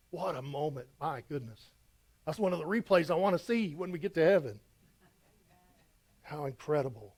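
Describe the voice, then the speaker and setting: Pastor, middle-aged man, verse-by-verse sermon, dramatic scripture reading, fairly high voice. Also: breathy edge. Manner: animated, dramatic reading with emphatic rises.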